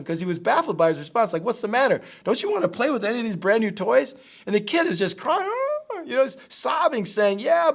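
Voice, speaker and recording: A man preaching a sermon as pastor, telling stories and often calling his listeners friends. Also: on the high side. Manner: storytelling, repeats phrases, addresses listeners as friends. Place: church auditorium.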